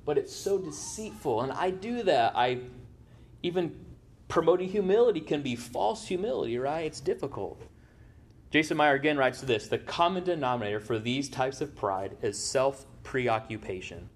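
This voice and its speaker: A man's voice: on the high side, lively intonation, normal speed. A man preaching a sermon as pastor, in a conversational way, often checking in with "right?". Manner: conversational, tags points with "right?".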